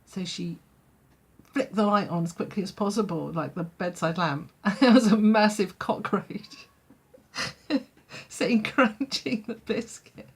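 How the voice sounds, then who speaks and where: A woman's voice: mid-range voice, measured pace, breathy edge. A woman telling a childhood story in a vlog, chatty, full of fillers and laughing often. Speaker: vlogger.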